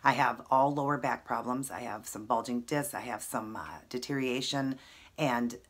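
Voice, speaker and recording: A woman in her thirties speaks straight to her camera at home, earnest and close to tears, with plenty of ums. Her voice sits very low and sounds husky. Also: normal speed. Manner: emotional, earnest, many fillers. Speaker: vlogger. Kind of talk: personal talk to camera.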